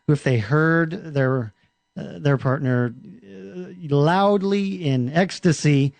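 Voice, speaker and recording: A man co-hosting a podcast, easygoing and quick to chuckle in casual conversation. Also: fairly high pitch, gravelly, darkish tone, no room sound. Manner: easygoing, short agreeing replies, chuckles. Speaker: podcast co-host.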